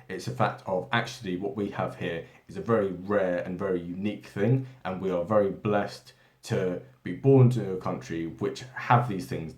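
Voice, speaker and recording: A man's voice: low-pitched, darkish tone. A man from Britain giving an unscripted political monologue, rambling with frequent restarts and tag questions like "right?" and "yeah?". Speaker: political commentary channel host. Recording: echoey room.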